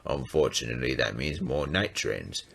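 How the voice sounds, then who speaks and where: A man's voice: rumbling low, normal speed, creaky, a bit bright, voice pushed down, exaggerated voice. A man voicing a formal, businesslike middle-aged railway boss in a toy train story.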